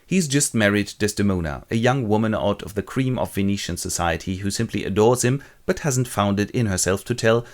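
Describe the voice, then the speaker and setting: A man's voice: lowish voice, a little fast, few pauses. A man narrating a comic retelling of a classic play in a wry, sardonic manner.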